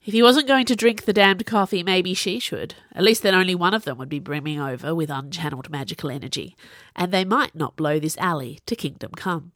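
A woman with a lowish voice reads a novel aloud in steady, even storytelling. The sound is close and completely dry, with no room around it. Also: fairly quick, hardly any pauses, no echo. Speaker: audiobook narrator. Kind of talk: scripted narration.

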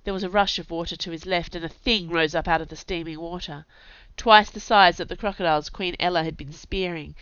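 A woman reading a fantasy story aloud in a steady, even storytelling manner. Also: lowish voice, a little fast, hardly any pauses, clear, resonant tone, no room sound, dull audio. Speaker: audiobook narrator. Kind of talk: storybook narration.

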